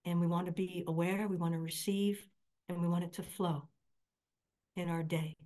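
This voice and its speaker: A woman's voice: fairly low pitch, little pitch movement, normal speed, mellow. Middle-aged woman preaching earnestly. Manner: earnest storytelling, quoting others in raised voice. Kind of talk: sermon.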